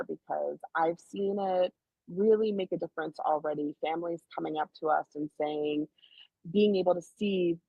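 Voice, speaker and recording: Low gravelly woman, lo-fi audio. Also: dry recording. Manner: grateful, heartfelt. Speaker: filmmaker. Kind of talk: interview. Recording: dull, lo-fi audio.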